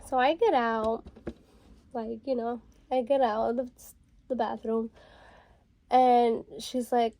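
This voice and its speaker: A woman's voice: on the high side, fairly even intonation, takes it slowly, long pauses, dark tone, dry recording. A young adult woman vlogger telling a story in a casual, rambling way, full of fillers. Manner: chatty, rambling, filler-heavy with frequent "like". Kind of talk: casual storytelling while getting ready.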